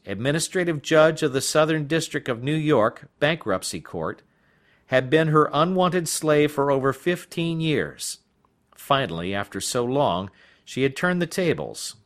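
A man narrating a novel as an audiobook in an expressive storytelling manner. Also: mid-range voice.

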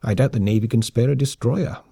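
A man's voice: medium pitch, a little fast, warm tone, breathy edge, dry recording, studio quality. A man voicing an unflappable, pompous older male spymaster with clipped, understated delivery.

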